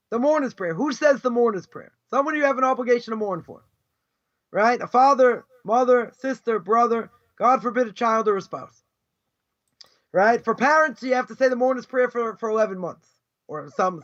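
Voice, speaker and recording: A male rabbi lecturing with a very high voice, firing off emphatic, scornful rhetorical questions. The audio is dull and lo-fi, with the top end muffled. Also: a bit bright. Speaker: rabbi teaching a class. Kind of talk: live Torah lecture.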